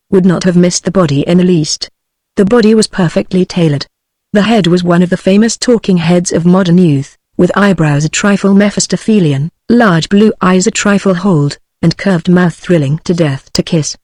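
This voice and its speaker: A text-to-speech woman's voice with a British English accent, reading a novel aloud in an even, measured way. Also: on the low side, dry recording. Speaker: narrator. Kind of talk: synthetic audiobook narration.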